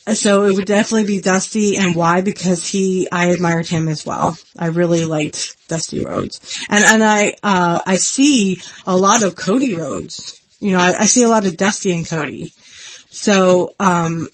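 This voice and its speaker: A woman hosting her own podcast in an earnest, rambling, self-deprecating casual chat. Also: on the low side. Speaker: podcast host.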